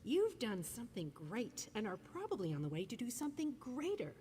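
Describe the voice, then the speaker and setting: Game voice: a shrewd landlady striking a deal, animated delivery. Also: on the high side, brisk, in a large hall, crowd noise. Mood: businesslike. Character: shrewd woman innkeeper making a deal.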